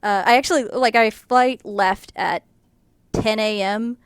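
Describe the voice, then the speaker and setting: American woman vlogger, rambling casual anecdote, smooth tone, dry. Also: mid-range voice, unhurried, no echo. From United States. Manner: chatty, rambling with many fillers, laughs through the telling. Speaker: artist vlogger. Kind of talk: casual storytelling.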